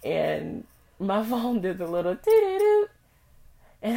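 A young woman hosting a podcast, telling a personal story in a candid, profane, animated way with frequent laughs. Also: on the high side, unhurried, creaky. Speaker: podcast host.

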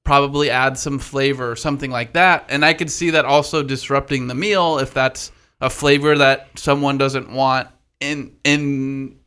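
A man co-hosting a casual podcast chat, talking in an animated, profane way. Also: mid-range voice, moderate pace, clean tone.

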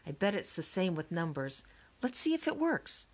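A woman's voice: lowish voice, very animated, moderate pace. A woman reading an audiobook, voicing an eager, impatient young girl. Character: eager impatient girl, sibling who sketches.

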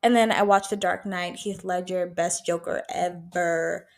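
A woman's voice: on the low side, steady tone, measured pace, creaky. A woman in her twenties hosting a casual solo podcast, chatting emphatically, swearing freely and filling her talk with "like" and "bro". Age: 20s. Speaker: podcast host.

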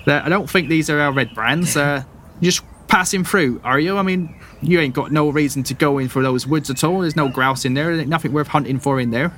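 A wary halfling farm woman, motherly but suspicious, with a raised voice pitched above a man's own, as a man puts her on. She speaks in a tabletop game over faint background noise. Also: a little fast, fairly bright tone, close to an everyday voice. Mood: scolding. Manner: suspicious, scolding.

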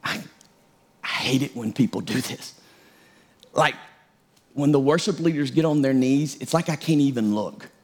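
A man's voice: mid-range voice, moderate pace, long pauses. A middle-aged male pastor preaching a sermon in a conversational, self-deprecating way.

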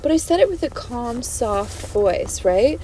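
A woman's voice: on the high side, big pitch swings, unhurried, mellow, a little hiss or hum, low-quality recording. A woman, hosting a podcast in casual, rambling chat from her car at a drive-thru, self-amused and prone to digressions. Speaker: podcast host.

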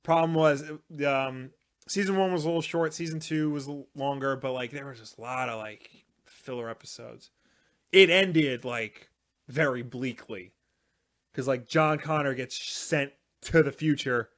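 A man's voice: mid-range voice, a little slow, fairly bright tone. A man co-hosting a live show in casual chat, rambling with lots of filler words. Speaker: podcast co-host.

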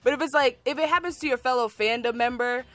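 A woman's voice: sits high, fast talker, a bit bright. A woman from the United States hosting a podcast in casual chat, heated and ranting, saying "like" a lot. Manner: heated, ranting, frequent "like" and "freaking". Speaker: podcast host.

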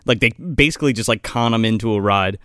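A man's voice: lowish voice, fast, bright, forceful tone, dry recording, studio quality. A man co-hosting a podcast, recapping a film in casual, rambling, profane talk full of fillers. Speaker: podcast co-host. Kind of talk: casual movie recap chat.

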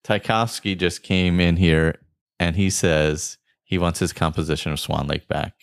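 A man's voice: low-pitched, fairly even intonation, unhurried, vocal fry, dry recording, clean studio sound. A man hosting a casual movie guessing game, jokey and reading out clues with laughs. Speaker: podcast host running a movie guessing game. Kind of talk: casual chat.

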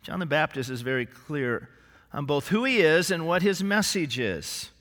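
Bright-voiced pastor preaching in a reverberant church. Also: male voice, on the high side, normal speed. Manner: animated preaching with humorous asides and acted quotes. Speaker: senior pastor. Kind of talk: sermon. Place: church sanctuary. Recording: live church recording with long hall reverb.

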